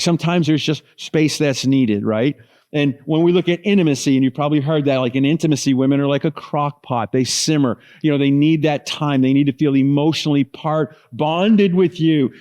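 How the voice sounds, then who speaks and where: A man's voice: on the high side, brisk, a little mellow. A middle-aged man preaching as a pastor, telling stories with lots of asides and fillers. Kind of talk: sermon.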